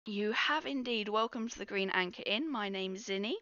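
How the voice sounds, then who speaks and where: A woman's voice: mid-range voice, moderate pace, pushed and bright, no room sound, voice pushed up, close to an everyday voice. Woman as a cheerful young halfling innkeeper, chatty and welcoming, tabletop game, muffled dry sound. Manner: welcoming, chatty, a little rambling.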